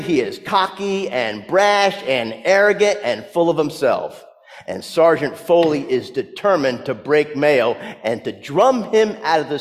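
A male pastor preaching a sermon, telling a story and swinging from hushed words to loud emphasis. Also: a little high, long reverb tail.

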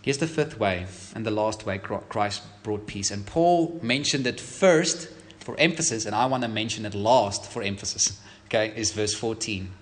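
A man's voice: on the low side, normal speed. A man preaching a sermon as a pastor, emphatic, asking the congregation rhetorical questions.

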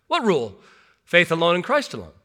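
High, bright-voiced pastor preaching in a hall. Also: male voice, wildly swooping pitch, brisk. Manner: earnest, rhetorical questions, self-deprecating asides. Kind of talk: sermon. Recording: long hall reverb.

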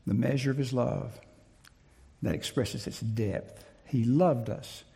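A man preaches a sermon in a gravelly, husky voice of medium pitch and dark tone, deliberate and emphatic, repeating his key phrases. The long reverb of a large hall surrounds him.

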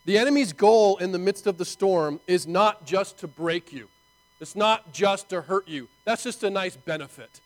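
A man preaching a sermon in an animated, conversational way, full of rhetorical asides to his listeners. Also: sits high, normal speed, rough recording. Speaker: pastor.

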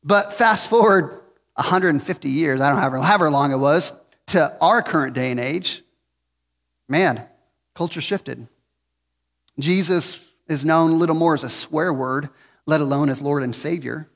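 Man in his 40s, conversational preacher with a high voice, joking and earnest, echoey hall. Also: normal speed, fairly bright tone. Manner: earnest, joking, frequent restarts. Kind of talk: conversational sermon.

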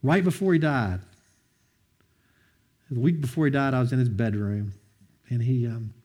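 A man sharing a personal testimony, earnest and heartfelt, often quoting others with lively bursts of emphasis. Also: mid-range voice, normal speed. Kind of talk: heartfelt storytelling talk.

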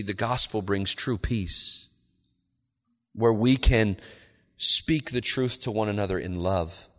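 A man preaching an expository sermon, rising in pitch on key words and slowing down to read quotations. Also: fairly bright tone. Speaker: pastor. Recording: long reverb of a large hall.

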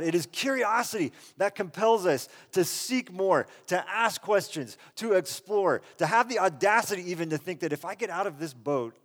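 Earnest pastor preaching in a big hall. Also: male voice, on the high side. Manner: conversational and earnest, swelling loud then dropping soft. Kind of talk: sermon. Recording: long reverb of a large hall.

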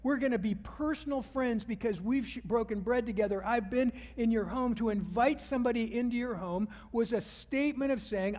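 High-voiced preacher in a reverberant hall. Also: male voice, normal speed, few pauses. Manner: storytelling, drops to a hushed voice for the retold scenes. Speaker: pastor. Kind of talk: sermon.

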